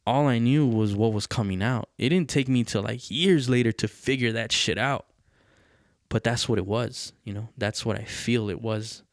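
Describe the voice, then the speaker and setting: A man's voice: medium pitch, normal speed, no room sound, clean studio sound. A man hosting a podcast, telling a personal story in a candid, rambling way, full of fillers and swearing. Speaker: podcast host.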